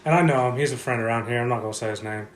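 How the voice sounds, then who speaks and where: A man's voice: mid-range voice, rapid-fire. Young man laughing through a story. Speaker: podcast co-host. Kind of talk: casual chat. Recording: roomy echo, faint noise.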